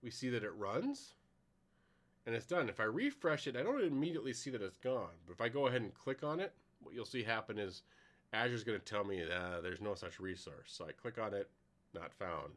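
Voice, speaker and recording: A man's voice: mid-range voice, sing-song, brisk, fairly bright tone. A middle-aged man giving a conversational technical conference talk with a live demo, explaining plainly with some fillers. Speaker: conference presenter.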